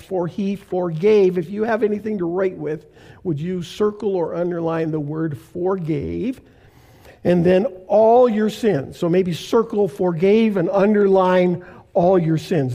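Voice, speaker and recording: An older man from Canada, a pastor preaching a sermon in a slow, deliberate way with emphatic pauses. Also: high-pitched, gravelly, mellow.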